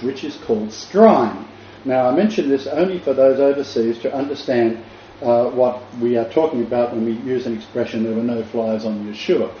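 A man with an Australian accent preaching an informal sermon, pausing often, then building with emphatic repetition. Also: mid-range voice, dark tone, a little hiss or hum. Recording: echoey, distant, dull room recording.

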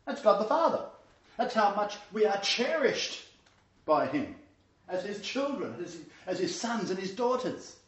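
Aussie pastor guy teaching scripture, kinda high voice, chatty, lots of ums and laughs, echoey lo-fi recording. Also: very animated, unhurried. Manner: chatty and emphatic, laughs often, many fillers. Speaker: pastor leading a Bible study. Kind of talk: casual teaching sermon. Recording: roomy, slightly dull lo-fi recording.

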